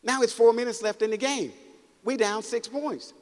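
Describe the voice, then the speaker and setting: In a big auditorium, a motivational speaker from Mississippi, United States, preaches and tells stories at a normal speed, his extremely high voice holding a steady tone. He calls out to the crowd, which laughs along, and the sound carries the size of the room.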